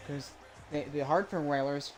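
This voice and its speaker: Man, fairly high voice, casual play-by-play caller for a game stream who rambles and corrects himself, faint background hiss. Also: fairly even intonation, moderate pace. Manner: rambling, self-correcting, chatty. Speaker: streamer calling a baseball video game.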